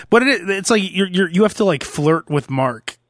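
A male radio host with a slightly raised pitch talks in loose, joking banter. He is brash and swears freely. The sound is dry and close. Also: expressive, normal speed, fairly bright tone, dry recording. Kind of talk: casual radio banter with role-play bits.

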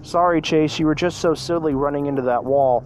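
A man's voice: a little high, brisk, darkish tone, close to an everyday voice. A man voicing a caring young female puppy in a storybook reading, raising his voice well up to sound like a girl pup who worries about her friends. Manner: concerned, warning tone.

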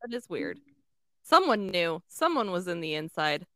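A woman's voice: fairly low pitch, very animated, fairly bright tone, no echo, studio quality. A woman co-hosting a casual podcast, agreeing bluntly and cursing freely. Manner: blunt, profane, quick to agree. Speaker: podcast co-host.

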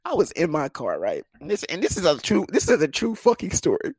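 A young man from the United States telling a comedic personal story, swearing freely and jumping into high voices to imitate others. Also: huge pitch swings, fairly quick, husky, no room sound.

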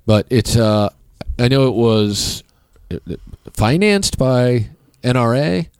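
A man on a comedy podcast telling stories in a casual, deadpan way, now and then putting on voices to quote people. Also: medium pitch, slow pace, clear, resonant tone, dry recording, clean studio sound. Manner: deadpan, puts on voices when quoting people.

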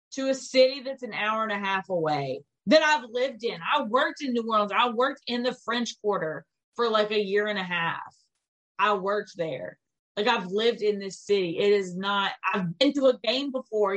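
A young adult woman hosting a podcast, telling a story in a rambling, animated way with lots of "like" fillers and casual swearing. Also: medium pitch. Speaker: podcast host.

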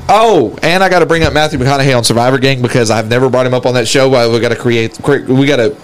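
A man's voice: medium pitch, fast talker, clear, resonant tone. A man chatting casually as a podcast co-host, rambling and crude, laughing often and acting out quotes in other voices. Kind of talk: casual chat.

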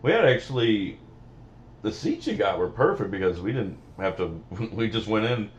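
A man's voice: on the low side, very animated, moderate pace, muffled recording, a little hiss or hum. A man co-hosting a podcast, telling rambling, profane, joking stories in casual banter. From Missouri. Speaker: podcast co-host.

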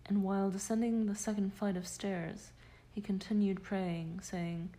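A woman narrating a scholarly nonfiction audiobook in a measured, deliberate manner. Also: mid-range voice, level tone, dark tone, a little hiss or hum, rough recording. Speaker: audiobook reader.

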